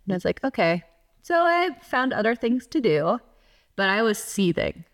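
A woman's voice: mid-range voice, very animated, normal speed. A woman co-hosting a podcast in casual chat, talking candidly and swearing freely as her voice swings up and down. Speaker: podcast co-host.

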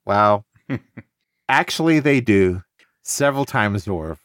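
A man's voice: on the low side, animated, slow pace, fairly bright tone, no room sound, clean studio sound. A man hosting a casual book discussion podcast, talking with enthusiasm and often restarting his sentences. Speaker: podcast host.

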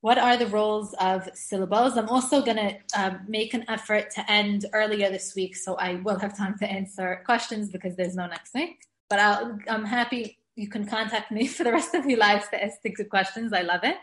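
A woman gives a grammar class in a friendly, easygoing way, often laughing at herself as she explains. Her voice sits at an ordinary middle pitch for a woman. The room around her is echoey. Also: fairly even intonation, moderate pace, a bit bright. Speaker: Hebrew grammar teacher. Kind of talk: class lecture.

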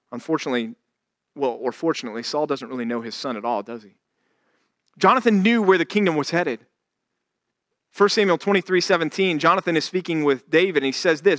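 Male pastor, sermon, conversational, acts out scripture with humor, bright voice, dry close sound. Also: fairly high pitch, normal speed, pauses often, no room sound. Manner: conversational, jokey retelling of scripture with voiced asides.

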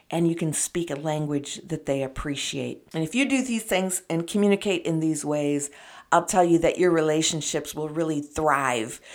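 A woman giving earnest, encouraging relationship advice, speaking straight to her viewers. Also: low-pitched. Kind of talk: advice talk to camera.

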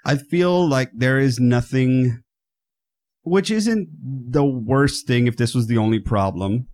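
A man in his thirties co-hosting a casual movie review podcast. He is enthusiastic and self-mocking, swears freely, and his pitch jumps when he gets excited. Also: slow. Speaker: podcast co-host.

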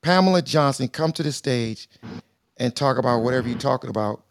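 Gravelly, upbeat male show host. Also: medium pitch, expressive, brisk, slight background noise. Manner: loud, playful, calls people out by name. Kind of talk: casual chat.

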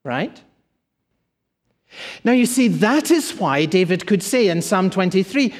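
A male pastor preaching in an emphatic, repetitive cadence. His voice sits high for a man, and it carries a long reverb tail through a large hall. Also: expressive, measured pace, pauses often, darkish tone. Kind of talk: sermon.

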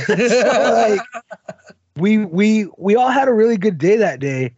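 Podcast co-host, husky man with a lively sing-song delivery, chatty and profane. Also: sits high, unhurried, no echo, dull audio. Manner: rambling, swears, laughs at own story. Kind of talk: casual storytelling chat.

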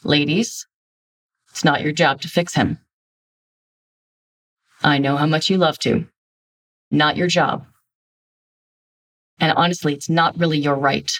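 Woman coach, low-ish voice, direct and emphatic, a little away from the mic. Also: steady tone, slow pace, long pauses, fairly bright tone, far from the mic. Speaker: relationship coach. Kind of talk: instructional self-help talk.

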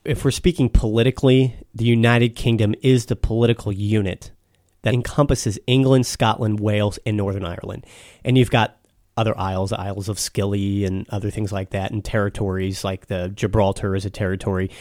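A man's voice: on the low side, flat delivery, a little fast, a little mellow, dry recording, clean studio sound. An American man explaining things patiently in a casual chat, with frequent restarts. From United States.

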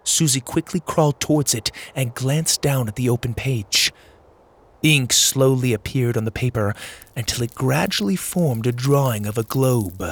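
This man serves as narrator for a children's adventure tale, delivering it with measured drama. He speaks in a mid-range voice.

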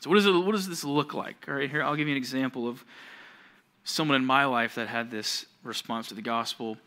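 A young adult man preaching a sermon to junior high students as their youth pastor, telling stories and acting out the voices of the people in them. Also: fairly quick. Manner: animated storytelling that acts out quoted voices.

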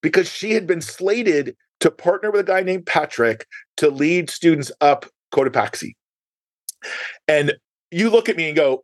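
A middle-aged man hosting a podcast, telling stories in an animated way and acting out quoted dialogue. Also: fairly high pitch, normal speed, dry recording. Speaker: podcast host. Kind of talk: conversational storytelling.

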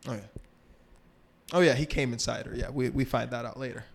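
Man, podcast co-host, casual chat, hesitant, middle pitch. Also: steady tone, a little fast, vocal fry.

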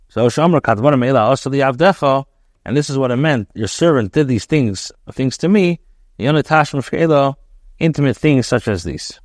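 A man teaching as a rabbi, reading Hebrew verses aloud and translating each phrase into English with frequent pauses and restarts. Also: medium pitch, no echo, studio quality. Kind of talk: reading and translating scripture line by line.

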